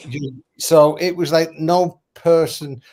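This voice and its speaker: A man in casual conversation who talks haltingly, with many fillers. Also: on the high side, fairly even intonation, a little mellow. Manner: halting, full of "you know" fillers. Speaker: guest.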